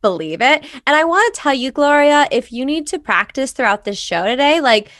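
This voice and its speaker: A woman's voice: high-pitched, expressive, a little fast, a bit bright, no echo, clean studio sound. A woman co-hosting an improvised comedy show, gushing and bubbly. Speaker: co-host. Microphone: video call.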